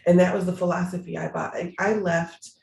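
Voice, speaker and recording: Sex: man. Role: prosecutor. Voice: high, heavily gravelly. Sound: echoey video call. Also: little pitch movement, a little fast. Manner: earnest, emphatic, repeats phrases for stress. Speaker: city prosecutor. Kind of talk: casual interview over a video call.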